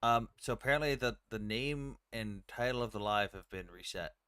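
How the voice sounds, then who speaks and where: A man's voice: on the low side, moderate pace, sharp tone, clean tone, no room sound. Guy hosting a live, blunt, swears a lot, dry mic sound. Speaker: livestream host. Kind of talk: casual chat.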